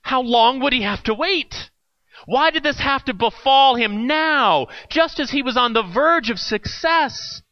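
A man reading a parable aloud in a measured, deliberate way. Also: extremely high pitch, expressive, dry recording, highs cut off. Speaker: storyteller.

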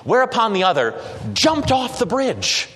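A man narrating a story slowly and dramatically, with occasional hesitations. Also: very high voice, wildly swooping pitch, a bit bright, a little hiss or hum. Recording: long reverb.

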